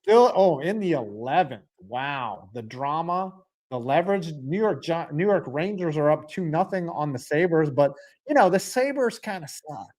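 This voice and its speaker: Excitable man reacting to a football game live. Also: a little high, measured pace. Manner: excitable, rambling, swings between loud outbursts and mumbles. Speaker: sports streamer.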